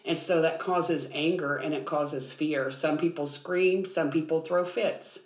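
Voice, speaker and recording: A woman's voice: sits low, steady tone, measured pace. Earnest woman counselor in a roomy space. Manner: earnest, explanatory, with frequent ums. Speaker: biblical counselor. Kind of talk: podcast conversation. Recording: roomy echo.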